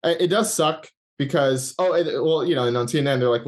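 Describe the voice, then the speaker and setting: A man speaking as an interview guest, recounting a personal story. His voice sits a little high for a man. He talks in halting stretches, with fillers, restarts and short laughs. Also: gravelly. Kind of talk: storytelling in a conversation.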